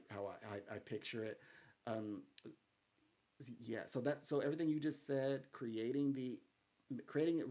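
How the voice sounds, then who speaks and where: Halting, low-voiced man giving a psychic reading. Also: a little mellow. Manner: rambling, halting, many restarts and fillers. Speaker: psychic reader.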